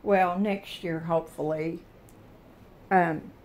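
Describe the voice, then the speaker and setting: An older woman talks to her viewers from her kitchen at a slow, easy pace. She is chatty and folksy, often breaking into exclamations. She sounds tired. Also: lowish voice, fairly even intonation, darkish tone. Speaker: vlogger. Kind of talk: casual chat to camera. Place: home kitchen.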